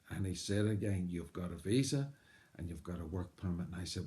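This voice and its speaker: A man's voice: deep voice, a little fast, mellow. A man with a Northern Irish accent, a missionary telling his life story as an earnest personal testimony, full of "uh" fillers and bursts of animation. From Northern Ireland.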